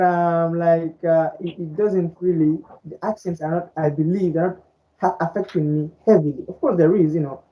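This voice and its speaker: A podcast co-host from French-speaking Africa, a native Fulani speaker, chats casually in a lowish voice, rambling, repeating words, and saying "you know" a lot. The lo-fi audio is dull, with slight background noise.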